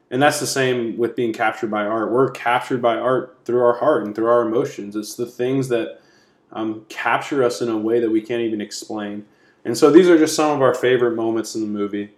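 Man chatting about films in an echoey room. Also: mid-range voice. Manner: relaxed, conversational, retelling scenes. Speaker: podcast co-host. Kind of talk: casual movie discussion. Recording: roomy echo.

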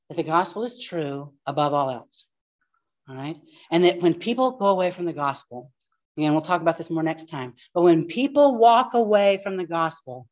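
A woman pastor, teaching a live class in a fast, animated storytelling way with quick asides. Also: lowish voice. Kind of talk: live-recorded church class. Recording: dull lo-fi live recording.

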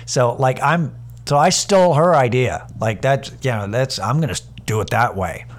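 A man's voice: mid-range voice, moderate pace. A man casually telling a funny story about a coworker, swearing and restarting often, acting out both sides of the argument. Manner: animated, acts out both sides of a quarrel in quoted voices; casual and profane, many restarts and fillers. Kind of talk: storytelling comedy monologue.

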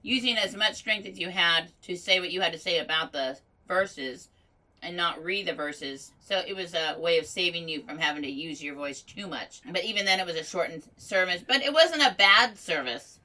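Bright-voiced woman co-hosting a faith show. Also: on the low side, normal speed, low-quality recording. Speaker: radio show co-host. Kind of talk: casual chat.

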